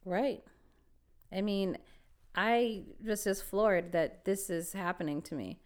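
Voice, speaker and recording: A woman co-hosting a podcast, telling a story in a lively, casual way and laughing often. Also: mid-range voice, slow, smooth. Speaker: podcast co-host.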